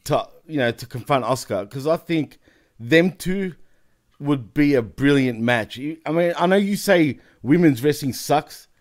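A man's voice: fairly high pitch, lively intonation, measured pace. A man co-hosting a wrestling podcast, jokey and teasing, laughing often. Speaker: podcast co-host. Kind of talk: casual wrestling talk.

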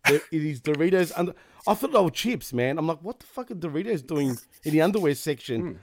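Man, podcast co-host, giggly, sweary, higher-pitched, dry close sound. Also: lively intonation, fast talker, dry recording. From Australia. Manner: laughs often, swears, jokey. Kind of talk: casual chat.

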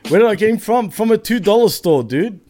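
An Australian man with a slightly raised pitch chats on a podcast. His delivery is relaxed and jokey, with laughs breaking in between lines. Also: brisk. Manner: laughing, easygoing banter. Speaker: guest co-host. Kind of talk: casual podcast chat.

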